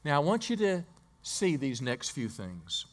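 A man's voice: on the high side, very animated, unhurried. A male pastor preaching a sermon in a church, telling a story and quizzing the congregation, often restarting his words.

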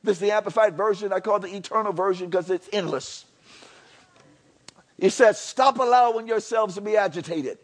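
A man with a high, bright-sounding voice preaches a sermon in a church. He repeats himself for emphasis and drops into chatty asides. Then he builds up to near-shouting. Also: brisk. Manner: animated, swinging from soft to near-shouting. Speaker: pastor.

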